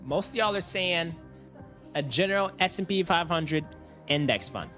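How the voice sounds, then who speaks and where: Soft music plays behind a young man whose voice sits on the high side, moving at a moderate pace. Hosting a finance livestream, he's animated and chatty, talking to chat and laughing often.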